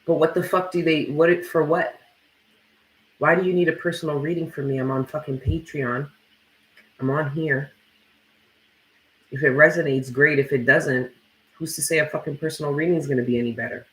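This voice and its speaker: A man's voice: on the high side, fairly even intonation, normal speed, pauses often, fairly bright tone, roomy sound, low-quality recording. A man hosting a tarot live stream, chatting casually and bluntly with plenty of swearing while reading viewer comments aloud. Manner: casual, blunt and profane, lots of "like".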